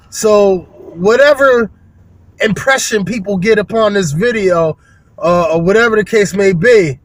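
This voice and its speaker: A man's voice: sits high, fairly bright tone, dry recording. A man who runs a window cleaning business, talking to viewers in a rambling, folksy vlog, full of fillers and restarts. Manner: folksy, addresses viewers as y'all. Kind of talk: casual vlog monologue.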